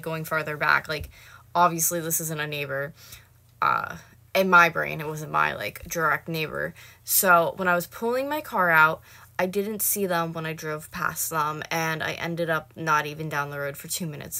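A woman's voice: lowish voice, sharp tone. A woman in her late twenties telling a story to camera in a casual vlog, swearing and heated. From North America. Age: late 20s. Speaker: vlogger.

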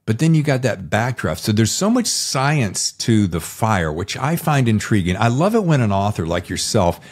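A man's voice: lowish voice, sing-song, normal speed, breathy edge. A man hosting a podcast interview, chatting in an effusive, rambling, enthusiastic way. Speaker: podcast host. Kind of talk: casual interview chat.

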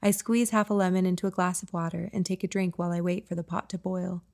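A woman's voice: flat delivery, fast talker, gravelly, darkish tone. Woman narrating her own audiobook. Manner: voices the boys' lines higher and livelier. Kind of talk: first-person audiobook narration.

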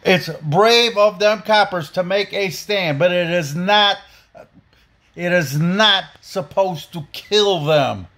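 A man rants on a podcast, blunt and profane, his voice sitting high for a man. He swings between fired-up outbursts and low, hard-edged lines. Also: slow pace, a bit bright. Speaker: podcast host. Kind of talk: angry opinion rant.

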